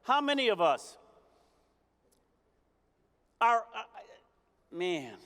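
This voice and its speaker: A man with a very high, smooth, resonant voice delivers a fervent motivational stage speech. He preaches at his audience and keeps hammering home rhetorical questions. Long reverb from a large convention hall trails after his words. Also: big pitch swings, drawn-out words, a bit bright. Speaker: motivational speaker at a company convention.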